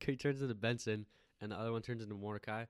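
Smooth low-voiced young man. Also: fairly even intonation, dry recording, studio quality. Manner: laid-back, quick interjections. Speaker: podcast co-host. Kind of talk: casual chat.

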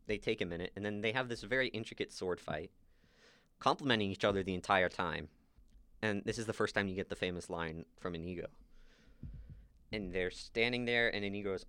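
A man with a lowish voice co-hosts a podcast, casually recapping a movie scene by scene. He retells it with animation, dropping quick asides where he quotes the characters. The recording is dry.

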